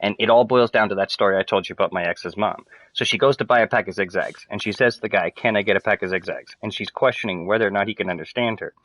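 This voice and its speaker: A man ranting casually to viewers, rambling, swearing and turning loud and emphatic. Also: on the low side, fast, hardly any pauses, low-quality recording. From Canada. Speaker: streamer.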